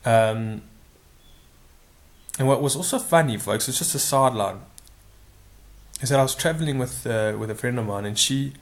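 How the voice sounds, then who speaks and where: A man's voice: mid-range voice, moderate pace, long pauses. A man casually telling a long personal anecdote, rambling and correcting himself with frequent asides. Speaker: storyteller.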